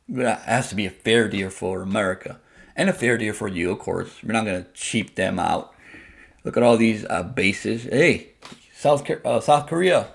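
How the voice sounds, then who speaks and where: Gravelly, profane man ranting. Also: lowish voice, normal speed. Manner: blunt, profane, heated; repetitive, emphatic. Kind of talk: casual rant to the camera.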